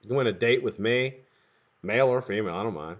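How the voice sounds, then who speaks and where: A man's voice: fairly low pitch, fast talker. A man hosting a live stream, chatting casually and greeting viewers by name, cursing freely and laughing often. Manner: profane, excitable, laughing often, shouting names to greet viewers. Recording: dull lo-fi webcam audio.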